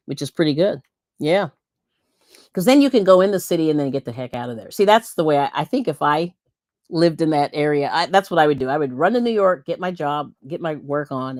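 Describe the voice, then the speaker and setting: Low-voiced middle-aged lady from pennsylvania, chatty livestream host, laughs a lot, dry close sound. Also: a little mellow, no room sound. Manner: chatty, laughs often, rambling with restarts. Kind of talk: casual chat reading viewer comments.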